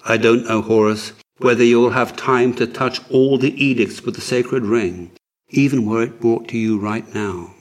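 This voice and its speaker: A man reading as a hushed, grave old physician. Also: medium pitch, fairly even intonation, normal speed, close to an everyday voice. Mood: counting down. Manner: hushed, solemn. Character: grave old royal physician, quiet and sorrowful. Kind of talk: audiobook character reading.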